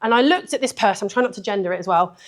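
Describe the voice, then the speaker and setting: A woman's voice: mid-range voice, lively intonation, rapid-fire. A woman giving a blunt, sweary, chatty talk at a photography event, laughing often. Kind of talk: live conference talk.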